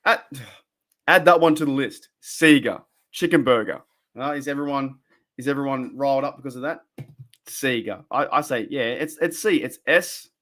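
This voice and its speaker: An Australian man hosts a casual fan live stream, talking into a desk microphone. He rambles and gets excitable, breaking off to answer his chat viewers. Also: medium pitch, normal speed. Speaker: fan podcast host.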